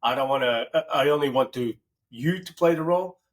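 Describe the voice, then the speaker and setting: A male podcast host with a mid-pitched voice. He keeps the chat casual and encouraging, sharing his own experiences and asking follow-up questions. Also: fairly quick. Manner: encouraging, conversational, asks follow-ups.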